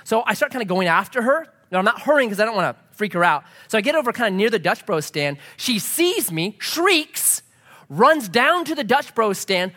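A man's voice: sits high, moderate pace, big-room sound. A middle-aged man, a pastor, preaching a sermon and telling a story, acting out the voices of the people in it. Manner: animated, acts out quoted voices.

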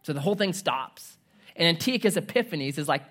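A man preaching a sermon, telling a story in a conversational, animated way with humorous asides. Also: fairly high pitch, fairly quick. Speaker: pastor.

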